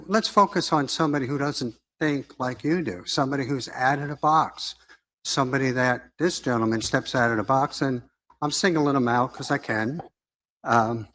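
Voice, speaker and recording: A man's voice: medium pitch, fairly bright tone, a little hiss or hum. Man, public commenter, mid-range voice, earnest and rambling with a preacherly lilt. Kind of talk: public comment at a council meeting. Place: council chamber.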